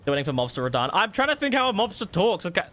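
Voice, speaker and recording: A man streaming a video game, giving excitable live commentary, swearing freely and laughing often. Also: high-pitched, very fast. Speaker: gaming streamer.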